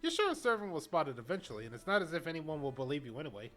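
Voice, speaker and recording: A woman's voice: low-pitched, big pitch swings, very fast, fairly bright tone. A woman streamer reading a video game's story aloud in a casual way. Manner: casual, reads story text then chats. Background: faint game music.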